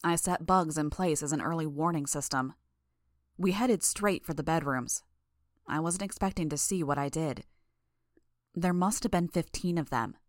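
Audiobook narrator: woman, deep low voice, steady measured read, dry close sound. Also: no echo. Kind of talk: first-person audiobook narration.

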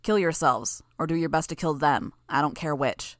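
A woman voicing a cold, manipulative young male villain who gives flat commands, in an audiobook reading. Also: sits low, moderate pace, no room sound, clean studio sound, lightly acted.

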